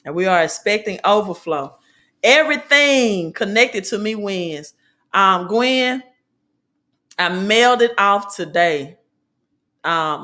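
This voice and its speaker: A woman's voice: mid-range voice, fairly bright tone. A woman with a Southern American accent, hosting a motivational business talk and preaching in repeated slogans and alliterations. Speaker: host.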